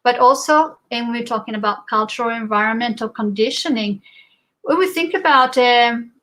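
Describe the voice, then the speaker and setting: A woman giving a spiritual talk in a reflective way, pausing often with fillers. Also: fairly high pitch, fairly bright tone, poor audio. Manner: reflective, with many pauses and fillers. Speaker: guest speaker.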